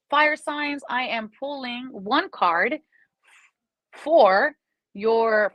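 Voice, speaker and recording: A woman giving a chatty, animated live-streamed tarot reading as a psychic reader. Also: fairly high pitch, no echo, low-quality recording.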